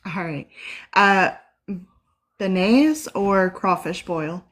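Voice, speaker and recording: A Southern woman co-hosts an online town hall from a video call. She fires off quick questions in an upbeat, chatty tone and laughs easily between them. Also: fairly low pitch, expressive, fairly bright tone. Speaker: co-host asking questions. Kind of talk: rapid-fire interview questions.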